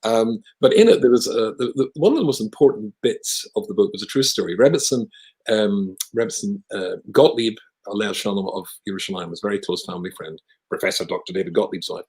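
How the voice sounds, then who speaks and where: A man's voice: fairly low pitch, fairly quick, a little mellow, poor audio. A Scottish man from Scotland, a guest speaker telling stories in conversation with wry, self-deprecating humour. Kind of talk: conversational storytelling.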